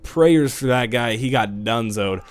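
A young man giving excitable live commentary on a shooter game into a headset, trash-talking and breaking into sudden yells. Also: medium pitch, normal speed. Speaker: gaming channel host.

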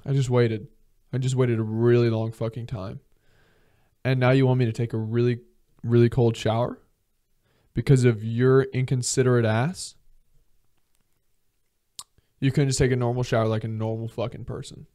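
A young man hosting a podcast, ranting comedically with lots of swearing and quick acted-out mock dialogues. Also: medium pitch, flat delivery, mellow. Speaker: podcast host. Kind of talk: comedic solo rant.

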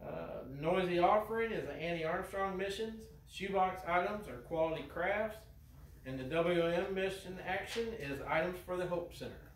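A man with a Midwestern American accent leads his congregation in an easy, homespun way, slightly high in pitch. He is picked up from a distance in a church sanctuary, where the walls ring with echo under a faint hiss. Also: normal speed. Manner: relaxed, homespun, fond of "you know". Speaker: pastor. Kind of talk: folksy joke and church announcements. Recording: echoey church heard from a distance.

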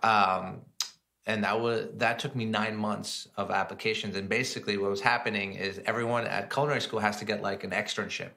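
A man, a chef and entrepreneur, telling stories in a casual interview, animated and chatty. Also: lowish voice, a little fast, creaky. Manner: animated, slips into lively acted-out voices in his stories.

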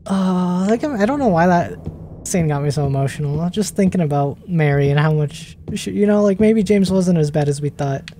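A young woman giving let's play commentary as a gaming streamer, excitable, gasping and getting emotional as she plays. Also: fairly low pitch, moderate pace, slight background noise. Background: faint game music.

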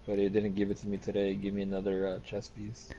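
A man chatting casually over game voice chat, relaxed and rambling, swearing now and then. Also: lowish voice, fast talker. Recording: dull lo-fi chat audio with faint noise.

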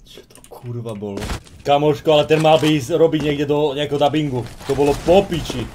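Joking Slovak-accented gamer. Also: male voice, fairly high pitch, quick pace, a little mellow, slight background noise. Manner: joking, mocking, unbothered. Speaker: gaming streamer. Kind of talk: casual gameplay chat.

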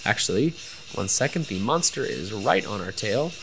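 A man's voice: fairly low pitch, expressive, moderate pace, gravelly. A young man hosting a gameplay video, chatting casually with many ums and you-knows.

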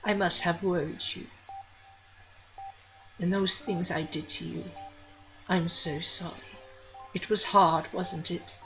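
A woman voicing a gentle, apologetic dying mother in a video game, speaking softly. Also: fairly low pitch, fairly even intonation, takes it slowly, long pauses, soft background music, low-quality recording. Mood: tender.

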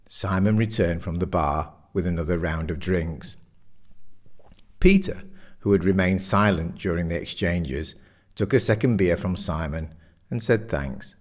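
A man narrating an audiobook in a measured storytelling manner. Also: deep voice, darkish tone. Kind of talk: scripted narration.

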